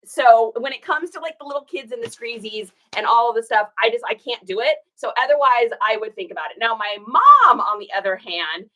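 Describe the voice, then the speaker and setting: A woman chats through a casual live stream as she packs and ships orders. She tells stories and reads viewer comments aloud in a folksy way, saying y'all. Her voice sits a little high and sounds bright and forceful. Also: lively intonation, brisk, hardly any pauses. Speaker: reseller hosting a live shipping stream.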